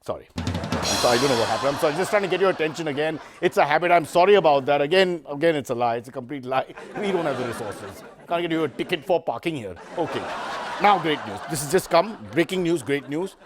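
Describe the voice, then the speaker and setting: A man hosts a satirical news show, with a fairly high voice. He talks in sarcastic, self-mocking asides and wanders between jokes. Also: animated, fast talker, crowd noise. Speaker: comedy show host.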